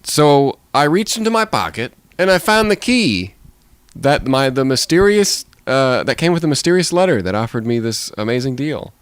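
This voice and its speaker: A man's voice: medium pitch, big pitch swings, moderate pace, smooth, no echo. A man co-hosting a casual podcast, playfully telling an improvised story and laughing as he talks. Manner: playful, laughs while talking. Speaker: podcast co-host.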